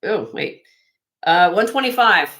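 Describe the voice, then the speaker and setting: A woman hosting a live online jewelry sale, chatting excitedly and loudly as she shows each piece. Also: medium pitch, unhurried. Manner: excitable, loud, chatty sales patter.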